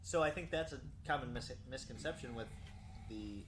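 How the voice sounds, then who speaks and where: A man co-hosting a casual car podcast, chatty and quick to chime in with figures. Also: mid-range voice, fairly bright tone, roomy sound, a little hiss or hum. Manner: chatty, quick to agree and add numbers. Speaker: podcast co-host. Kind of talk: casual shop-talk podcast.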